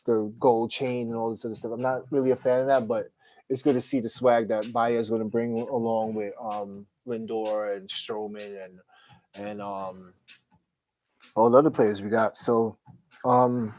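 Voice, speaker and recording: A man's voice: lowish voice, little pitch movement, normal speed, a little mellow, rough recording. Tired man rambling on a live stream. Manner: rambling, full of "um" fillers. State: tired, yawning. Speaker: podcast host. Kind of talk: casual live-stream chat.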